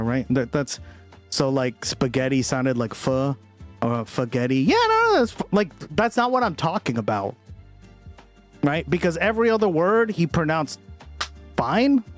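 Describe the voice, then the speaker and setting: A man hosting a casual livestream, rambling and swearing freely as he comments, often breaking into laughter. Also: mid-range voice. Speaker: livestream host.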